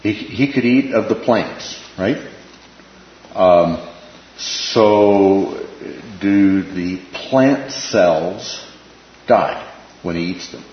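A man with a lowish voice teaching a relaxed Bible study, often stopping to ask "right?" and repeating key phrases. He is recorded in an echoey room with dull, lo-fi sound and a faint hiss behind him. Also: extremely slow. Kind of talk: informal Bible class teaching.

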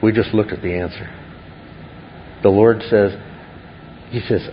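Low-voiced pastor preaching in church. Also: male voice, fairly even intonation, a little slow, long pauses, highs cut off, a little hiss or hum. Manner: earnest, builds to acted gasps of wonder. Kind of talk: sermon.

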